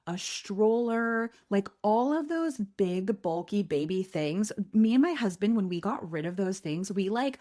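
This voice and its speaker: A woman in her thirties hosts her podcast and tells a personal story in a candid, casual way. Her voice sits at a medium pitch, and it grows animated when she quotes other people. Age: 30s. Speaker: podcast host.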